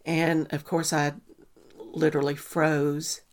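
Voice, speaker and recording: A woman, a mother telling a personal story in a halting way, with many ums and restarts. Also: low-pitched, level tone. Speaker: mother recounting a family loss. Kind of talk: personal testimony.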